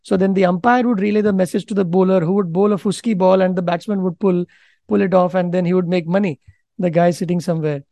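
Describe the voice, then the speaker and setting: A man's voice: sits high, fairly even intonation, fast, gravelly, mellow, dry recording. A man in his thirties with an Indian accent, chatting casually and animatedly on a podcast, laughing often and slipping into Hindi. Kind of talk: casual chat.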